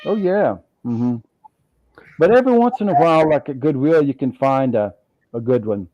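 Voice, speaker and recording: A man hosting a casual online video chat in a relaxed, agreeable way, often murmuring along while others talk. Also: mid-range voice, normal speed, highs cut off, slight background noise. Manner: relaxed, agreeable, fills gaps with mm-hmm. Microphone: video call mic.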